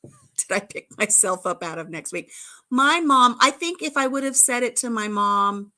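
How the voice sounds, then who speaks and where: A woman's voice: fairly high pitch, animated, moderate pace, bright, forceful tone. A middle-aged woman hosting a casual livestream, telling childhood stories in a chatty, giggly way with playful innuendo. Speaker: livestream host. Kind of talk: casual chat, storytelling.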